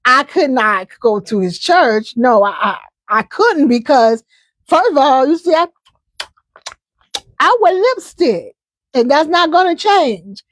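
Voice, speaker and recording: A woman's voice: high-pitched, very animated, slow, no room sound. A woman hosting a casual live chat, talking in a chatty, emphatic way and often repeating herself. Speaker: host.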